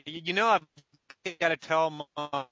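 Man, podcast co-host, animated storyteller, bright forceful voice, dull dry sound. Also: on the high side, measured pace, no echo, soft background music. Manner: animated, laughing, acts out quotes. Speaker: podcast co-host, draft writer. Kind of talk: casual storytelling chat.

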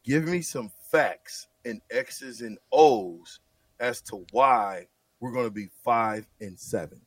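A man bantering on sports radio, teasing and animated, his voice swinging from loud bursts to low mutters. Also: slow, husky, no echo, distant mic.

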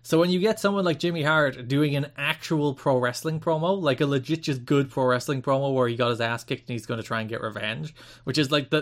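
A man's voice: medium pitch, a bit bright. Man explaining wrestling at length. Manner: long analytical explanations, mild swearing. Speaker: podcast co-host. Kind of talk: casual podcast chat.

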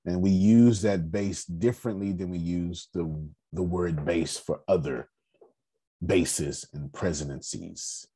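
A man with a raspy voice hosting a casual group discussion, speaking in a measured, emphatic cadence. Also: deep voice, dark tone. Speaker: host.

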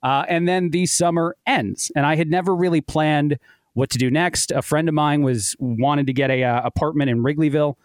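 A man's voice: fairly high pitch, moderate pace, dry recording, studio quality. A man in his thirties, a podcast guest, telling a long personal story in a chatty way and laughing at his own tale. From United States. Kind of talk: casual storytelling.

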